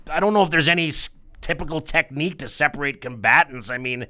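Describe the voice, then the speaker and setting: A man's voice: fairly high pitch, fast talker, bright, forceful tone. A man working as a strip club DJ, telling rambling, profane stories in casual chat.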